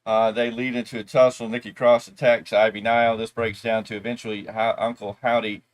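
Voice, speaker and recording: A man's voice: lowish voice, level tone, a little fast. A man co-hosting a wrestling review show, recapping the episode in a rambling, casual way with loose asides.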